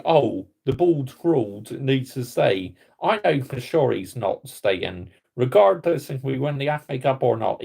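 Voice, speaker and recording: Fan-channel host, West Country man, unhurried and croaky, indignant and blunt, repeating stock phrases. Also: mid-range voice. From Somerset, England. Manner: indignant, blunt, repetitive catchphrases. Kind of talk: ranting reaction vlog.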